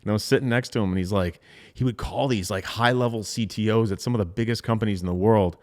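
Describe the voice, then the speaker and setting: Animated young man telling sales stories. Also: fairly low pitch, fast. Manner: animated storyteller who acts out quoted voices. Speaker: podcast co-host. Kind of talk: casual chat.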